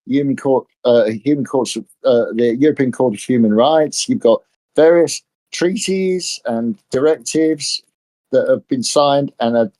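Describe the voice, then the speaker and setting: An older Englishman talks politics in a loose, conversational way, stumbling and repeating words as he gathers his thoughts. His voice sits at an ordinary middle pitch. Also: mellow. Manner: halting, with many restarts and repeated words. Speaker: discussion panelist. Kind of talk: casual political chat.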